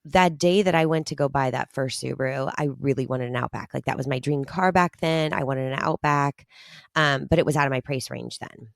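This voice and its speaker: Rambling female podcast co-host, very low voice, dry close sound, lots of ums. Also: fairly quick, creaky, dry recording. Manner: enthusiastic, rambling, frequent ums. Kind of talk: casual chat.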